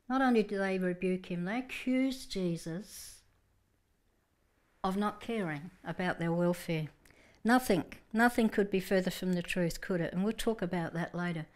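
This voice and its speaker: A woman delivers a Sunday sermon, retelling a Bible story as if she were there. She is animated and vivid, often restarting her phrases. Her pitch sits in a middle range for a woman. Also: a little slow. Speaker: preacher.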